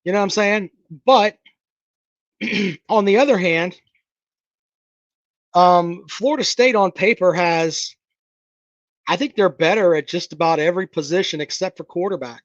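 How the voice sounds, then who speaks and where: Unhurried and given to long pauses, a man with a high-sitting voice hosts a casual sports talk stream, reading out chat messages and mocking them bluntly. He swears freely and is sarcastic about callers' takes. No echo; highs are cut off.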